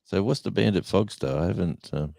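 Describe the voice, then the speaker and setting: A man's voice: low voice, brisk, vocal fry, warm tone, no room sound. A man co-hosting a livestream chat, telling rambling stories and chuckling. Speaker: livestream co-host. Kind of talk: casual storytelling chat.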